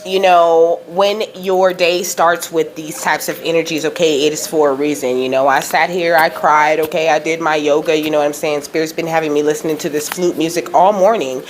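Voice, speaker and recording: A woman hosting her own spiritual channel, talking casually and emotionally, filling every pause with "you know" and "okay?". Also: sits low, fairly even intonation, slight background noise. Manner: rambling, says "you know" and "okay?" constantly, laughs often; emotional, close to tears at times. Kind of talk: casual spiritual vlog talk.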